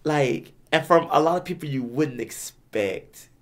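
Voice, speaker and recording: A man's voice: a little high, animated, unhurried. Rambling young man in casual podcast chat. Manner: rambling, stumbles and repeats words. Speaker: podcast co-host back from a gaming convention.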